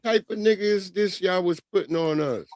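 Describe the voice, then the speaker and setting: A man from New York co-hosts in loose comedic banter, his voice sitting high. He tells stories with lively mimicry and loud shouted impressions. The sound is dry and close, with no room around it. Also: brisk, no echo. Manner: animated storyteller who mimics people in loud bursts. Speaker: podcast co-host.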